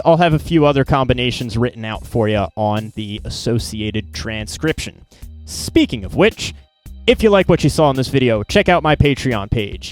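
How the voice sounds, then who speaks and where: Casual male drum teacher, mid-pitched, plain explainer, faint music behind. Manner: relaxed, plain explaining with small slips. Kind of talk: casual instructional talk.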